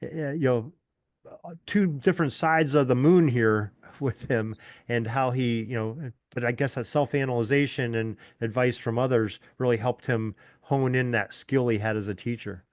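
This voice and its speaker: A man's voice: medium pitch, normal speed, no echo, studio quality. A man hosting a podcast interview, talking casually and rambling through many fillers. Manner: rambling, lots of "you know" fillers. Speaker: podcast host.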